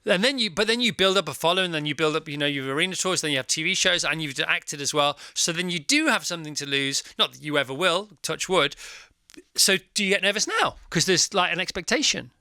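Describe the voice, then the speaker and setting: Gravelly, bright-voiced male radio host. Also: a little high, fast, no echo, clean studio sound. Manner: chatty, laughs easily, uses many fillers. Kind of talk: casual chat.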